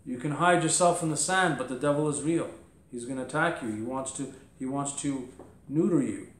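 A man's voice: mid-range voice, brisk, echoey room. A man preaching a sermon as pastor, emphatic, firing rhetorical questions and voicing mock objections. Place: church.

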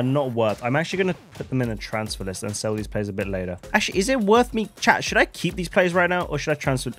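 A young man commentating on his own video game as a streamer, with bursts of shouting hype and quiet muttered asides. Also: a little high. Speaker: gaming streamer.

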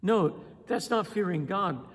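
A man preaching a sermon in an animated way, acting out voices and pausing for emphasis. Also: sits high, husky. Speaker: pastor. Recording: long hall reverb.

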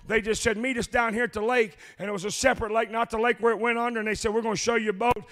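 A man preaching a sermon, telling a long story and then shouting in a rhythmic chant with "uh" before each phrase. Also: very high voice, level tone, quick pace.

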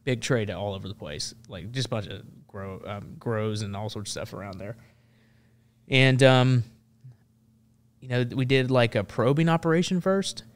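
A man's voice: mid-range voice, moderate pace. A man in his thirties, a guest on a podcast, telling war stories casually with lots of fillers and restarts. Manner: rambling, heavy on fillers like "like" and "uh". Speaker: guest, Marine veteran. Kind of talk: casual storytelling in conversation.

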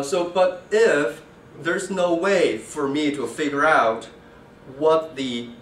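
A man giving an academic lecture on linguistics, halting often with fillers and restarts. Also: medium pitch, a bit bright, a little hiss or hum. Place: lecture room. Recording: echoey room from far off.

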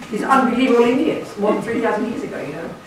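A woman's voice: on the high side, expressive, fast talker. A woman, a Buddhist nun, giving a blunt, emphatic retreat teaching with sarcastic asides. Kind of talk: dharma talk to a retreat group. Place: meditation centre hall. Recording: echoey room from far off, faint hiss.

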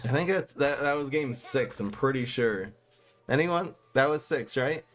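Animated male gaming streamer. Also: medium pitch, measured pace, faint music behind. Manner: animated, swings between muttering and exasperated outbursts. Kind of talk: casual gameplay commentary.

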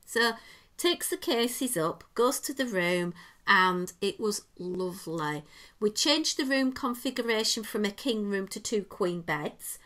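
A woman with an English accent, co-hosting a podcast and telling a travel story in lively, casual talk. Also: medium pitch, unhurried. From England. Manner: animated storyteller, acts out quoted dialogue. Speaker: podcast co-host.

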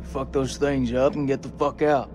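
An actor playing a gruff, steady soldier commander. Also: male voice, mid-range voice, normal speed, music in the background, natural voice. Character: blunt, steady military squad leader. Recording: game dialogue over loud score.

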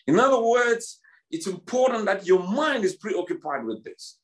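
A man's voice: high voice, animated, moderate pace. A South African man in his fifties, a pastor preaching a sermon in church, emphatic and repetitive, restarting his words often.

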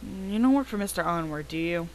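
A woman's voice: on the low side, lively intonation, fairly quick, darkish tone, slight background noise, close to an everyday voice, low-quality recording. Woman reading as a bossy impatient man. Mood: suspicious. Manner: bossy, complaining, suspicious. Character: rude impatient man demanding ice cream.

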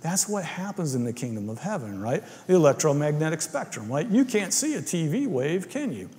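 Chatty preacher with a ringing hall echo. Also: male voice, fairly high pitch, big pitch swings, fairly quick, darkish tone. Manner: informal, keeps asking "right?". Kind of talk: casual conversational sermon. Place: church sanctuary.

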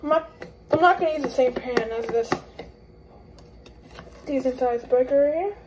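A woman with a high-pitched voice and the hiccups gives a casual cooking tutorial in her home kitchen at a normal pace. She rambles chattily and corrects herself as she goes, with noise in the background.

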